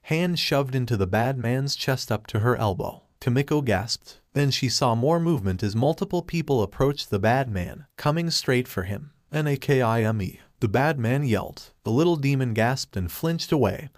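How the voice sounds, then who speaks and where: Brief: male storyteller, mid-pitched, steady even reading, dry studio-close sound. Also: normal speed, hardly any pauses, no room sound. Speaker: fan fiction reader. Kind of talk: story narration.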